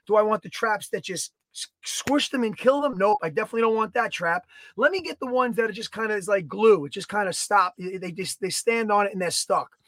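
A man co-hosting a podcast, telling a story in a casual, animated way, swearing and acting out his own quotes. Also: high-pitched, a little fast, few pauses, dry recording. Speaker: podcast co-host. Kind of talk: casual chat.

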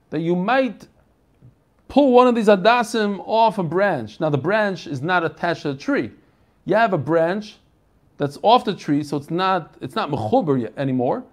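A high-pitched American man leads a Talmud class, reading the Aramaic text in a singsong. He follows with a casual English explanation full of chatty asides to his students.

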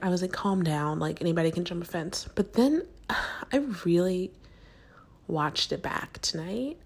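A woman's voice: lowish voice, slightly rough. A woman in her thirties hosting a casual podcast from her kids' bedroom, chatty and swearing, often dropping into a whisper. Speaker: podcast host. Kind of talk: casual chat.

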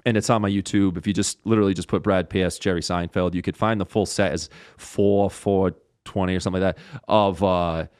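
A male comedian telling a story as a podcast guest, animated and full of swearing. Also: deep voice, fairly quick, few pauses, dry recording, clean studio sound. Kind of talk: casual storytelling in a podcast interview.

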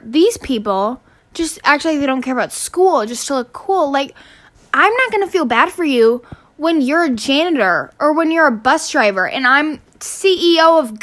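A woman's voice: high voice, a bit bright. A teenage girl ranting casually on her podcast, exasperated and swearing, rambling with restarts. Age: teens. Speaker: student podcaster.

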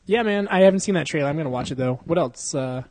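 Crude joking young man, slightly high voice. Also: lively intonation, fast talker, a little mellow, no room sound. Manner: crude, joking, laughs often, swears a lot. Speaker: podcast host. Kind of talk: casual chat.

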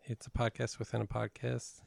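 A man co-hosting a casual podcast, relaxed and teasing, leading the segments. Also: medium pitch, a little fast, gravelly, no room sound. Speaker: podcast co-host. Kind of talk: casual chat.

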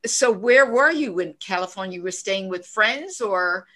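A woman's voice: medium pitch, lively intonation, normal speed, pushed and bright. Sympathetic woman host asking questions. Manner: sympathetic, asks follow-up questions. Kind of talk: interview questioning.

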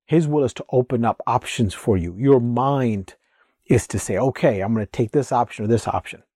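A man in real estate talks straight to his audience in a casual advice monologue. His voice is mellow and slightly husky. He speaks bluntly and emphatically, almost preaching, and the recording is dry and close. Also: mid-range voice, no room sound. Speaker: real estate agent and investor.

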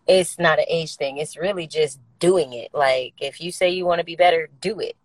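A woman talking as an interview guest, outgoing, blunt and profane, laughing often and swinging between loud and soft. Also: sits low, normal speed, dry recording, poor audio. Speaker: interview guest, recording artist. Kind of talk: candid interview talk.

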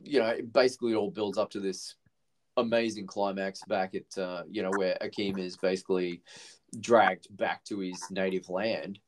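A podcast co-host with a low, steady-toned male voice talks at a moderate pace over slight background noise. He chats casually about a film in a laid-back way, swearing heavily and rambling through restarts.

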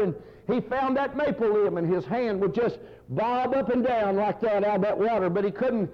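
A man preaching a fiery, folksy sermon full of stories. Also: sits high. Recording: muffled lo-fi sermon recording.

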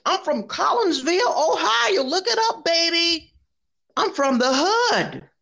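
A woman's voice: extremely high pitch, big pitch swings, measured pace, creaky, a bit bright, voice pushed up, full character voice. A woman voicing a defensive coworker who rants insistently and repeats herself. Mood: indignant. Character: defensive, ranting woman coworker, near hysterical.

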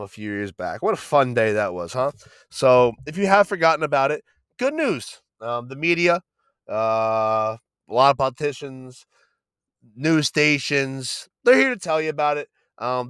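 A man's voice: mid-range voice, fairly bright tone, clear, resonant tone, no room sound. A man hosting a podcast, ranting in a heated, profane and emphatic way. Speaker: podcast host.

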